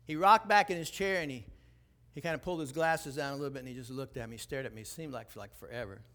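A man in his sixties preaching a sermon, telling stories animatedly, acting out dialogue and building to loud exhortation. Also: mid-range voice, fast talker. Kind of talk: sermon storytelling.

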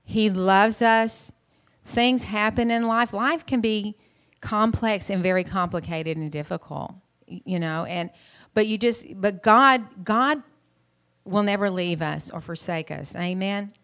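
A middle-aged woman preaches from the pulpit and retells a Bible story in a casual, conversational sermon. Her voice sits at an ordinary middle pitch. She stumbles and restarts often and stops now and then to clear her throat. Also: unhurried, a bit bright. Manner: casual and chatty, with frequent restarts.

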